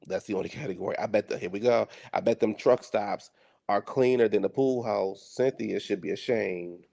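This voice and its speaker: A man's voice: fairly low pitch, moderate pace, creaky, warm tone. A man giving sassy, teasing commentary while reacting to a reality show.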